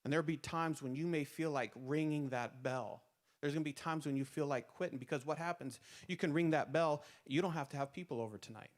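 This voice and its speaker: A man's voice: fairly high pitch, fast. A man preaching a sermon to small group leaders, emphatic, repeating phrases with rising force and often restarting his words. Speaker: pastor.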